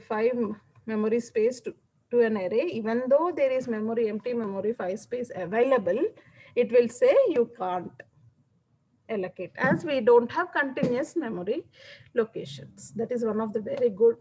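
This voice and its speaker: Woman, classroom lecture, fairly high voice, checks understanding often. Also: a little mellow, poor audio.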